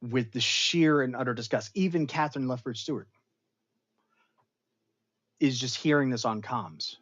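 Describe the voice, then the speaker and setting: Brief: male show host recapping an episode with dramatic flair, average pitch, muffled lo-fi audio. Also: moderate pace. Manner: animated storytelling with dramatic emphasis and asides. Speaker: pop culture show host. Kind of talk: casual episode recap and review.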